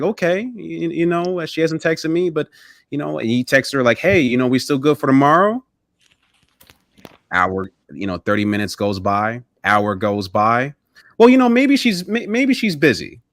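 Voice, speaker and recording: A man's voice: medium pitch, fairly bright tone, dry recording, clean studio sound. A man in a casual chat, earnestly telling a relatable story in the second person, with frequent restarts.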